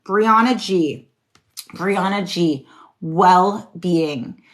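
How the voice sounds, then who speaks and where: Woman, tarot reader, lowish voice, casual live-stream chat, encouraging, swears now and then. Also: extremely slow. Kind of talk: live-stream card reading.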